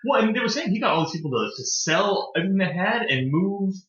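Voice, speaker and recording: A man's voice: sits high, quick pace, far from the mic. A man co-hosting a podcast, retelling stories animatedly in casual film discussion. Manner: animated storyteller, acts out quotes. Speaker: podcast co-host. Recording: echoey room, dull lo-fi mic.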